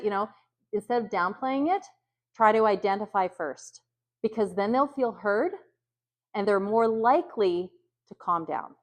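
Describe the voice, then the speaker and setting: A woman's voice: mid-range voice, unhurried. Woman trainer, casual and hesitant, acts out sample lines for staff. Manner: conversational, many ums, acts out example phrases brightly. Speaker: youth worker trainer. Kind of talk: training talk.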